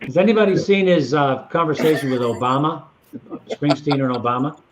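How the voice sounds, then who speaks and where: A man's voice: a little high, fairly quick, crowd noise. A man telling long anecdotes in a casual chat. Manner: rambling anecdotal storytelling. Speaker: guest storyteller.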